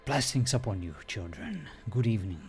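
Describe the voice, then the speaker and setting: A man's voice: fairly low pitch, animated, moderate pace, soft background music, close to an everyday voice. A man playing a pompous, gracious bishop in a role-play, speaking in a formal, stately way.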